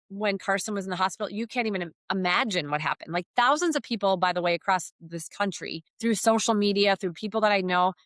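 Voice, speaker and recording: A woman's voice: medium pitch, fairly bright tone, no room sound. A middle-aged woman giving a heartfelt faith testimony as a podcast guest, telling her story earnestly.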